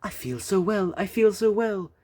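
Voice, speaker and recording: A man's voice: expressive, slow, husky, exaggerated voice. A man voicing a proud green steam engine that sings and whistles in a storybook reading. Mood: cheerful. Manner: sing-song, whistling, high-pitched. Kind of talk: storybook read-aloud.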